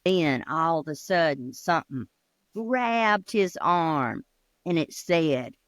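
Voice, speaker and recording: A woman, telling a ghost story with dramatic pauses and spooky low drops. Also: sing-song, no echo. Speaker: co-host, storyteller.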